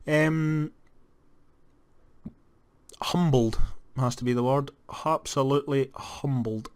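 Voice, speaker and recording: A young Scottish man giving casual let's-play commentary on a football management game, moving from flat disappointment to excited shouts. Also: mid-range voice, slow, smooth. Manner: animated, jumps to excited shouts at goals. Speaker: gaming commentator.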